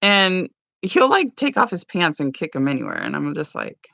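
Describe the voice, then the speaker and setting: Low, gravelly woman vlogger, chatty and rambling, lively pitch, lo-fi home recording. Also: moderate pace, no echo. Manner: rambling, chatty, lots of "like" and "you know". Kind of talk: casual morning vlog chat. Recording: dull lo-fi sound.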